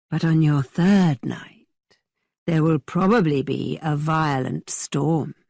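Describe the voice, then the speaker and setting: A woman voicing a teasing young man who tells spooky tales in a dramatically low voice. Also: no room sound, clean studio sound, full character voice. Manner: dramatically low, hushed storytelling.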